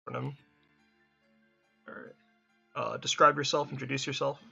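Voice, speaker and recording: A man runs a tabletop game over voice chat, his voice bright and clear in tone. He talks casually, full of fillers and quick restarts. The sound is dull and lo-fi, with faint music behind. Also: mid-range voice, fairly even intonation. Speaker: game master.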